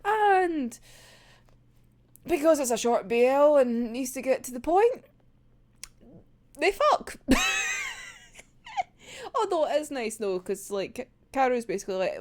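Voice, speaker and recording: A woman's voice: high voice, big pitch swings, takes it slowly, long pauses, a little mellow. A young woman casually recapping a manga plot, giggling often and swearing freely as she tells it. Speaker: manga reviewer.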